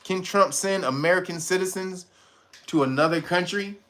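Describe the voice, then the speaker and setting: A man's voice: high-pitched, moderate pace, fairly bright tone. A man hosting a casual livestream, talking in profane street slang, laughing often and answering his viewers' chat. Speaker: livestream host.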